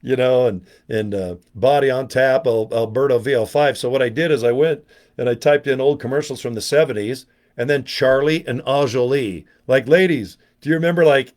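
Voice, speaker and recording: A man's voice: mid-range voice, moderate pace, darkish tone. A man in his sixties talking casually to camera in a rambling, joking monologue full of self-mocking asides. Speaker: online business vlogger.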